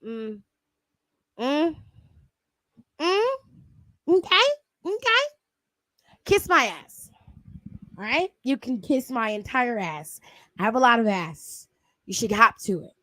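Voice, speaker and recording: Brief: woman from Cleveland, high voice, sassy and profane wrestling recap host, dry close sound. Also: slow pace, pauses often, no echo. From Cleveland, USA. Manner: sassy, profane, animated storytelling. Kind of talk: casual commentary.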